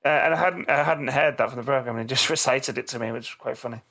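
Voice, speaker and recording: A man's voice: mid-range voice, fast, sharp tone. A man in his thirties co-hosting a casual podcast chat, joking and laughing often. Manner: jokey, laughs often, repeats phrases. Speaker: podcast co-host.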